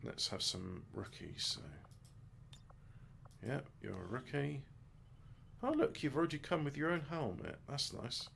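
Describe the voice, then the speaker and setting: A man's voice: medium pitch, big pitch swings, a little slow, vocal fry, fairly bright tone, a little hiss or hum. A man giving rambling, joking let's-play commentary, muttering asides and mocking himself as he sets up his game. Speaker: gaming video host.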